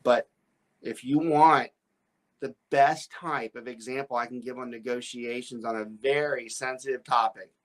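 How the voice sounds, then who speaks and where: Measured in pace, with fairly even intonation and a medium pitch, a real estate broker hosts a podcast. His story wanders, broken by restarts and stammered repeats, and he laughs often.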